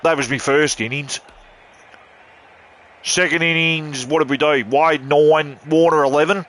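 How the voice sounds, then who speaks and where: A man's voice: fairly high pitch, steady tone, unhurried, a bit bright, a little hiss or hum. A man giving casual, rambling gaming commentary, full of swearing and cheeky jabs.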